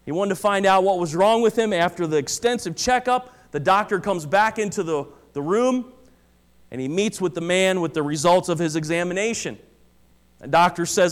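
High-voiced earnest male preacher. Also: moderate pace. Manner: earnest, emphatic, repeating key phrases. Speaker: pastor. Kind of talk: sermon. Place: church.

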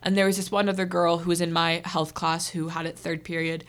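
A woman's voice: lowish voice, little pitch movement, fairly quick, clear, resonant tone. A teenage girl hosting a podcast, earnestly telling a personal story in casual chat and saying "like" often. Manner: earnest, heavy use of "like". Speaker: podcast host.

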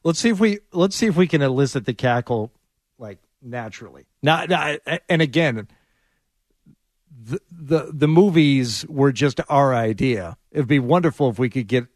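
A man's voice: medium pitch, expressive, normal speed, a little mellow, no room sound, studio quality. A man co-hosting a radio show, teasing his partner in casual, playful banter.

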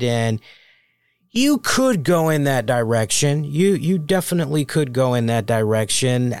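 Dude hosting a wrestling review, chatty and cussing, smooth voice, pretty dry sound. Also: male voice, medium pitch, normal speed, no echo. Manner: animated, swears freely, addresses listeners as y'all. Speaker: wrestling show reviewer and host. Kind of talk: casual solo review talk.

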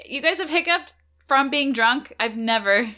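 Bright-voiced woman rambling through her character's thoughts, lots of "like". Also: high-pitched, expressive, unhurried. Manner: rambling, filler-heavy, laughing, swearing. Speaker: player. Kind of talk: casual chat, tabletop role-play.

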